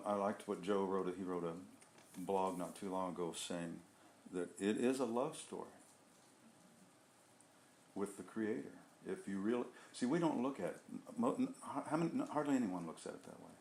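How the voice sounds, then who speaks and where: A man in a casual group discussion, speaking earnestly and haltingly, often restarting and searching for words. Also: on the low side, a little mellow, a little hiss or hum. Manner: earnest and heartfelt. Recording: echoey room.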